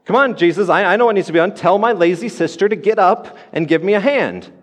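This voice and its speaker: A man's voice: sits high, animated, a little slow, pitched above the performer's own voice. A frustrated, overworked woman, as a male preacher puts her on, firing off exasperated, pleading questions in a raised, strained voice. The sound carries a long reverb from a church hall.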